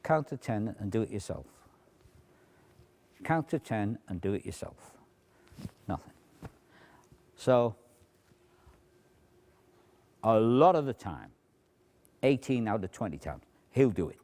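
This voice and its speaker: A man teaching a stage routine, explaining how he cues volunteers and dropping to a hushed near-whisper to demonstrate. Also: lowish voice, big pitch swings, takes it slowly, long pauses. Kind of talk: demonstration lecture.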